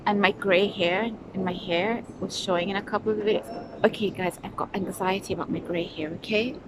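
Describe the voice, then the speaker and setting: A woman's voice: mid-range voice, fairly even intonation, brisk, crowd noise. A middle-aged woman from the UK, chatting casually to her phone camera as a travel vlogger, rambling and talking to herself between laughs. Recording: noisy outdoor recording with traffic.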